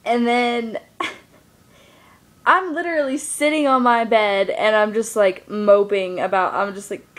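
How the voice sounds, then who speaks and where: A woman's voice: medium pitch, fairly even intonation, slow. A young woman vlogging to her camera, telling a personal story in a rambling casual way, full of fillers. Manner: rambling, lots of fillers like "like" and "you know".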